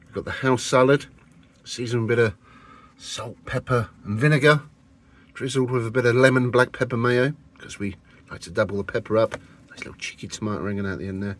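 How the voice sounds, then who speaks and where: A man's voice: lowish voice, moderate pace. A man, filming a casual camping vlog on his phone from inside a van. He talks to the camera in a cheeky, jokey way. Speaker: vlogger.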